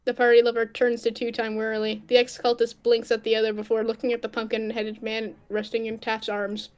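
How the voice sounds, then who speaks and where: A playful woman reads her own fanfic aloud with friends in a somewhat high voice. She narrates casually and teases her friends between lines. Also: completely flat delivery, brisk, darkish tone, clean tone. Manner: playful, laughing, teasing friends. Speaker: narrator and fic author.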